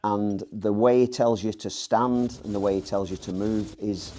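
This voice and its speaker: A man's voice: lowish voice, steady tone, normal speed, mellow. A man coaching on breathing and stance for mixed martial arts in a rambling, self-correcting instructional talk. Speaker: MMA coach.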